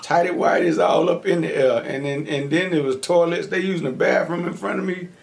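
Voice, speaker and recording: Brief: young male mukbang host, animated storyteller with quick laughs, a touch high-pitched. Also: gravelly. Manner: animated, laughs often, acts out quotes. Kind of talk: casual storytelling while eating.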